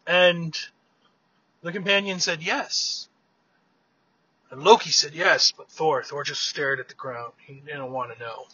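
A man's voice: on the high side, steady tone, moderate pace, bright, forceful tone, husky, lo-fi sound. A man casually retelling an old myth in a chatty way, often restarting words as he talks. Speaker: storyteller.

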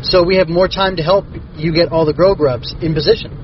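A man's voice: on the high side, fairly even intonation, fairly quick, muffled recording, slight background noise, pitched above the performer's own voice, lightly acted. A man voicing an earnest, helpful little bug creature explaining a plan.

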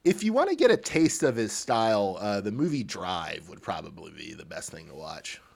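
A man's voice: fairly low pitch, sing-song, normal speed, gravelly, a little mellow. A man co-hosting a podcast in casual chat, teasing his partner and laughing often. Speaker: podcast co-host.

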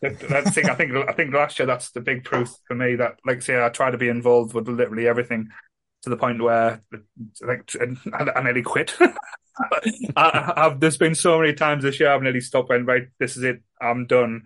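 A man's voice: mid-range voice, steady tone, moderate pace, fairly bright tone. A man co-hosting a casual group chat, rambling, restarting and swearing a lot. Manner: rambling, repeats himself, swears. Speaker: co-host.

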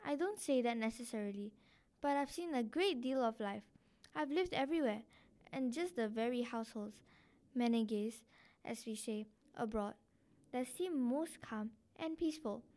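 A woman's voice: fairly high pitch, animated, moderate pace, a little mellow, lightly acted. A woman reading aloud as a worldly, meddling society lady who hints at intrigue in a gushing, insinuating way.

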